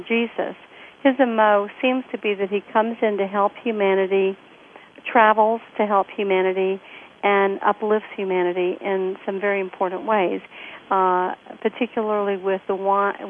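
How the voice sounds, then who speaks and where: A woman author being interviewed, telling stories in a rambling way with lots of fillers. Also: medium pitch. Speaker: author guest. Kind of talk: animated storytelling interview. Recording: tinny phone line, faint hiss.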